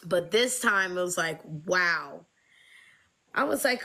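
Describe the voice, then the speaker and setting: A young adult woman tells her story in a loose, casual way. Her voice is bright and crisp, and it jumps up high when she acts out other people's words. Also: a little slow. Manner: animated, acts out quoted voices in high pitch. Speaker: guest sharing her fertility journey.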